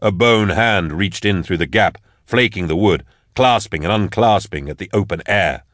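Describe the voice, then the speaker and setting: A man narrating a dark fantasy story with measured, dramatic delivery. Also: low voice, no room sound, studio quality. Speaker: audiobook narrator. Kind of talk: scripted narration.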